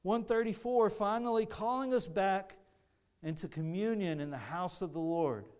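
A man's voice: high-pitched, normal speed, darkish tone, clean tone. A man preaching a sermon, earnest and teaching, often restarting his phrases. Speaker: pastor.

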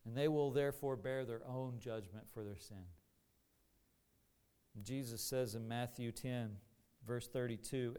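A man preaching a sermon to a congregation in an earnest, deliberate manner with rising emphasis. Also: mid-range voice, fairly even intonation, dark tone, clear, resonant tone. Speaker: pastor.

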